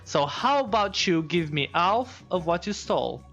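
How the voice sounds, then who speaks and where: A man playing a tabletop game, speaking hesitantly and haltingly. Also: high-pitched, animated, fairly bright tone, soft background music. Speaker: player.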